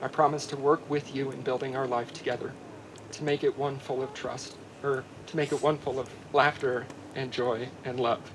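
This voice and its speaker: A man's voice: medium pitch, flat delivery, normal speed, noisy background. Heartfelt groom reading his vows. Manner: earnest, heartfelt, softening at tender lines.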